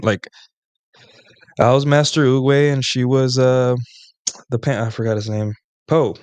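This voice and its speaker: A man's voice: medium pitch, dry recording. Boastful man telling rambling dating stories. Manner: boastful, rambling, keeps checking in with listeners. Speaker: streamer hosting a solo talk show. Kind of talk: casual storytelling monologue about dating.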